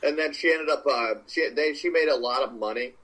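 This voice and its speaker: A man's voice: mid-range voice, brisk, fairly bright tone, low-quality recording. A man co-hosting a podcast, giving rambling, joking opinions in casual chat. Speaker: podcast co-host.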